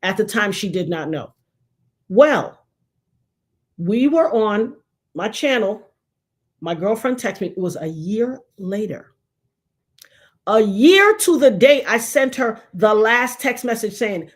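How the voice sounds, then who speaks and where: A woman's voice: mid-range voice, animated, unhurried. A woman, telling a personal story dramatically, acting out the voices of the people she quotes and repeating lines for emphasis.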